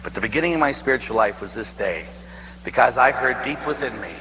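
Bright-voiced priest in an echoey hall. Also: male voice, mid-range voice, brisk. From Pittsburgh, USA. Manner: animated, laughing, asks "huh?". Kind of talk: storytelling sermon. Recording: echoey hall, faint hum.

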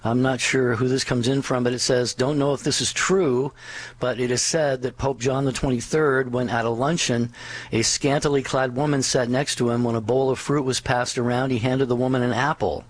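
A man's voice: medium pitch, fairly even intonation, moderate pace, dry recording. A man co-hosting a religious radio show, reading and telling jokes in an easygoing way.

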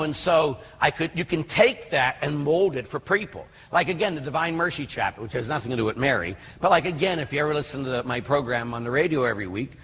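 A man's voice: on the high side, fairly bright tone, a little hiss or hum. An older man, a priest, teaching about prayer in an earnest, conversational way, full of fillers and digressions. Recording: hall reverb.

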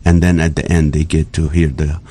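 A middle-aged man from the Middle East chatting casually, telling animated jokey stories with laughter. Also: very deep voice, moderate pace. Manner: animated storytelling with jokes and laughter. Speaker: guest comedian. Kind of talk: casual chat.

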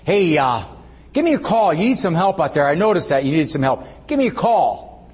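A man's voice: fairly high pitch, sing-song, fairly quick, darkish tone, husky. A man co-hosting a talk show, asking earnest, reflective questions in casual conversation. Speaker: co-host. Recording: long hall reverb.

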